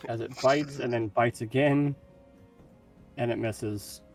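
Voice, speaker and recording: A man's voice: mid-range voice, fairly even intonation, takes it slowly, a little mellow, distant mic, soft background music. A man acting as dungeon master, making casual rulings with restarts. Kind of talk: running a tabletop game.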